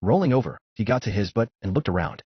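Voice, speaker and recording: Husky male story narrator. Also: lowish voice, fast, no echo. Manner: steady descriptive narration. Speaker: fanfiction narrator. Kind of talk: audiobook-style story reading. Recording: dull lo-fi recording.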